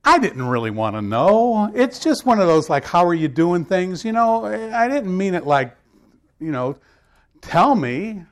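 A man preaching a sermon to his congregation. His voice sits slightly high. He talks in a loose, conversational way, then leans hard into the scripture passages with growing force. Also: sing-song, normal speed. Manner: conversational storytelling, rising to emphatic scripture reading. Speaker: pastor.

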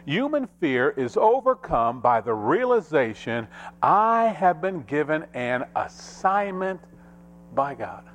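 A man preaching a sermon as pastor, with dramatic rises and drops in pitch and pace. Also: big pitch swings, takes it slowly, a bit bright, slight background noise.

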